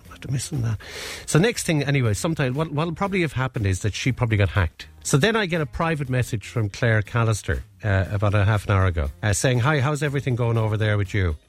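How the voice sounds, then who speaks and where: A man's voice: medium pitch, very animated, fast, few pauses. A man, co-hosting a show, chatting casually and rambling through a story with frequent chuckles. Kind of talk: casual chat.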